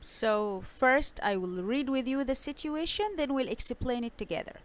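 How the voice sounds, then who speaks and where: A young woman teaching an online English lesson, speaking slowly and clearly and reading dialogues aloud with marked intonation. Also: high voice, expressive.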